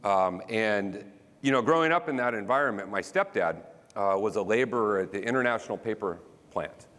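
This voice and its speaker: A man, a county supervisor giving an animated storytelling talk with self-deprecating humor. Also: fairly low pitch, fairly quick. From rural American South. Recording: reverberant hall.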